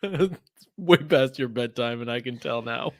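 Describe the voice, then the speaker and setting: A man's voice: medium pitch, unhurried. A man co-hosting a podcast in casual chat, mostly listening and teasing his partner with laughter. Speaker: podcast co-host.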